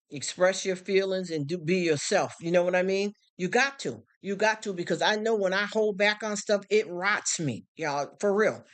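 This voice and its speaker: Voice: medium pitch, fairly bright tone. Middle-aged livestream host: frank, emphatic, talks straight to viewers and repeats key points. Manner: emphatic, frank and repetitive, with rhetorical questions. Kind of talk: casual livestream chat answering viewers. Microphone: streaming setup.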